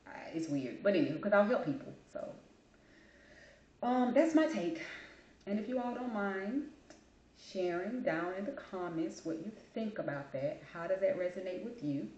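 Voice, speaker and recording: A woman's voice: on the low side, expressive, moderate pace, a little mellow. A woman telling personal stories in a chatty, casual monologue as host of her own show. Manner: chatty, storytelling, Southern colloquial phrasing. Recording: echoey room, dull lo-fi sound.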